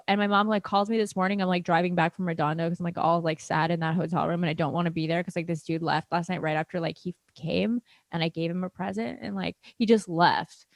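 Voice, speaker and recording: A woman's voice: lowish voice, no echo, clean studio sound. A woman co-hosting a podcast in casual chat, telling rambling, profane stories with mimicked quotes. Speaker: podcast co-host.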